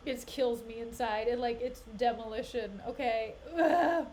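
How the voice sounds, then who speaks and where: A young woman streaming a play reading, breaking off into animated, exasperated rants and laughter. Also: on the high side, a little slow, slight background noise. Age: young adult. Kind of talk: casual live-stream commentary.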